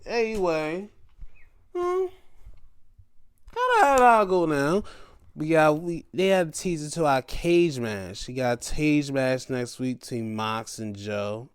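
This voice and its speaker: Playful and loose, this podcast host recaps sports and wrestling in a relaxed style with a smooth voice. His pitch bounces animatedly while he draws out his words unhurriedly, occasionally breaking into high, mocking voices.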